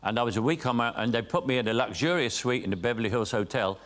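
A man's voice: mid-range voice, fast, fairly bright tone. An older man with a London Cockney accent telling an anecdote as a talk show guest. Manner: storytelling with acted quotes and laughs. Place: TV studio. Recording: TV clip with faint studio noise.

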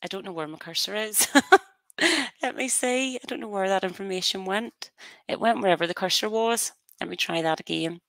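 Lady walking folk through software on a headset, chatty, bright tone, dry close sound. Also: medium pitch, fairly quick, vocal fry, no room sound. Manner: chatty, explanatory, practical asides. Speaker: software trainer. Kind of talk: webinar software demo.

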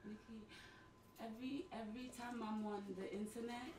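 Middle-aged mum, halting and tearful, distant mic in an echoing room. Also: female voice, on the high side, little pitch movement. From Trinidad. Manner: halting, repeats words, tearful. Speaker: streamer's mother. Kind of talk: emotional casual talk. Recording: roomy, distant mic, noisy.

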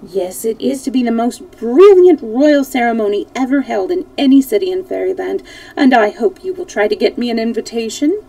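A gracious fox king with courtly, flattering manners and a jovial streak, as a woman voices him. The voice is raised and a bit gravelly, and it sounds distant from the mic. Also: fairly high pitch, fairly quick.

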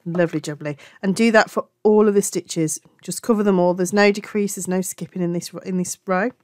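The Black Country accent of this English crochet tutor comes through as she teaches in a chatty, affectionate style, often correcting herself. Her fairly low voice is a little mellow and fast, with fairly even intonation, recorded at studio quality without echo.

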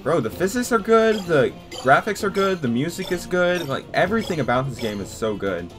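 A man's voice: fairly high pitch, moderate pace, music in the background. Jumpy young gamer man. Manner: jumpy, excitable, talks to viewers. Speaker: gaming YouTuber. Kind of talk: casual let's-play commentary.

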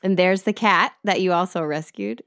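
A woman's voice: lowish voice, moderate pace, gravelly, a bit bright, dry recording, clean studio sound. Teasing, playful young woman co-host. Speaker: podcast co-host. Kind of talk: casual chat.

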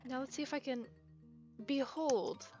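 A woman's voice: fairly high pitch, normal speed. A young woman talking casually and chattily to herself while playing a video game, over muffled game music. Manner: chatty, upbeat, self-talking. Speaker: gaming video creator. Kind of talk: casual gameplay commentary.

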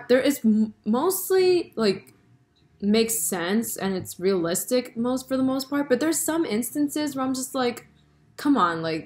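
A woman in her twenties chatting casually on her vlog, animated and full of fillers. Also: fairly high pitch. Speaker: vlogger. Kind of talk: casual chat about a TV show.

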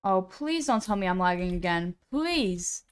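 A woman's voice: mid-range voice, animated, unhurried, clean tone. A woman live-streaming a game, chatting casually to her viewers in a rambling, self-deprecating way into a computer mic.

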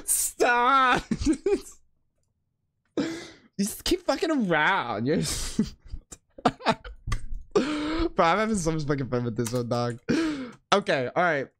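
A man's voice: on the high side, big pitch swings, slow, pauses often, fairly bright tone. A man streaming a game live, giving casual, profane, slangy commentary and laughing often.

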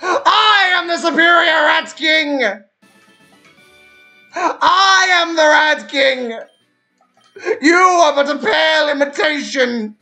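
A VTuber streamer playing a boastful, grandiose Rat King in a game stream, shouting mock-heroic boasts. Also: sits high, takes it slowly, long pauses, faint music behind, voice pushed up, exaggerated voice.

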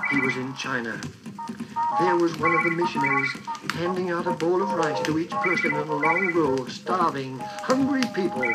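A man's voice: on the high side, low-quality recording. A man telling a children's story with dramatic, varied pacing.

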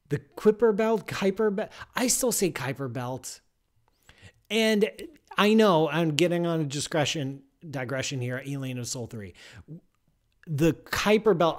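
A man hosting a live science radio show, talking with playful mock outrage. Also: a little high. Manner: animated, playful mock outrage, swinging from loud bursts to muttering.

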